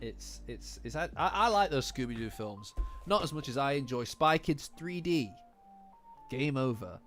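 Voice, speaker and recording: A young English streamer in a loose, jokey chat with viewers, laughing often and swearing freely. His voice sits at an ordinary middle pitch. Soft lo-fi music plays quietly underneath. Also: normal speed. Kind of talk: casual live-chat commentary. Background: faint lo-fi music.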